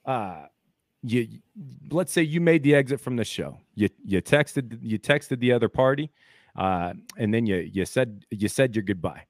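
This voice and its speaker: A man's voice: mid-range voice, expressive, a little slow, dry recording, studio quality. A man from the Midwest co-hosting a podcast, rambling through a hypothetical story and swinging from muttered asides to heated outbursts. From American Midwest. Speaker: podcast co-host. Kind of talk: casual podcast chat.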